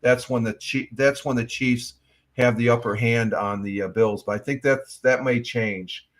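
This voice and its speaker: A man's voice: mid-range voice, fairly even intonation, unhurried. A man hosting a casual morning livestream, rambling with many fillers and reading the chat aloud. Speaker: livestream host. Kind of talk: casual live-stream chat.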